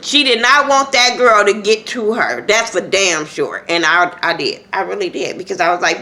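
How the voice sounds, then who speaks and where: A woman talks through a reality show episode in loose, unscripted chat. Her voice is bright and forceful, and her delivery is blunt, profane and full of gossipy asides. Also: medium pitch, expressive, a little fast, creaky, few pauses. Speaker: reality TV recap vlogger. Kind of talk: casual unscripted episode review.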